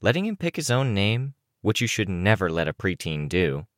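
An audiobook reader voicing a sly, smug young woman who speaks smoothly and wryly. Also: low-pitched, very animated, normal speed, dry recording, clean studio sound. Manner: wry, smooth and knowing.

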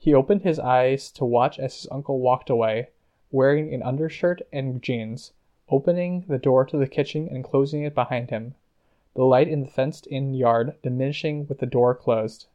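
Brief: male narrator, mid-pitched, steady reading, slightly muffled lo-fi sound. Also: moderate pace. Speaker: audiobook narrator. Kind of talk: scripted narration.

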